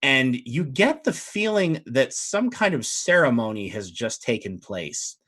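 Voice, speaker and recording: A man's voice: mid-range voice, big pitch swings, unhurried, a bit bright. A man narrating a tabletop game as game master, in casual, descriptive speech.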